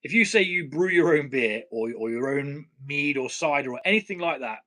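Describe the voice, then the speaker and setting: A man's voice: fairly high pitch, animated, normal speed, bright, forceful tone. A man with a British accent hosting a casual home brewing live stream, blunt and swearing casually, laughing at himself. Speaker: home brewing channel host.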